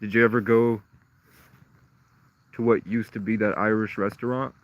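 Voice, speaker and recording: A man's voice: lowish voice, level tone, moderate pace, dull audio. A man from Vermont, rambling on a live stream and jumping between wild claims. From Vermont, USA. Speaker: livestreamer.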